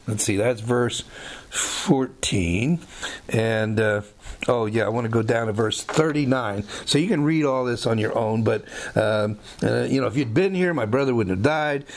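A man's voice: mid-range voice, unhurried. A man giving an informal Bible teaching in a conversational, rambling way, with frequent restarts and asides.

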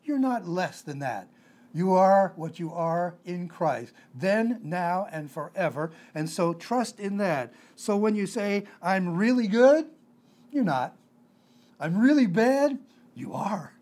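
A man delivers a conversational sermon in a noticeably high voice. He leans on emphasis and circles back to repeat his main points. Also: expressive, takes it slowly, a little mellow. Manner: emphatic, repeats key phrases. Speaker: preacher.

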